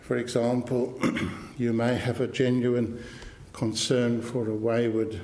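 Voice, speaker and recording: A man preaching a sermon, earnest and emphatic, now and then clearing his throat. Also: mid-range voice, level tone, slow, darkish tone, echoey room. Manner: clears throat between points.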